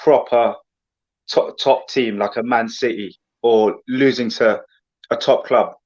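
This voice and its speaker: A man's voice: mid-range voice, takes it slowly, highs cut off. A man, a guest on a casual football chat show, ranting with passion and calling everyone "mate". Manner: animated, passionate, rambling rants with lots of "mate".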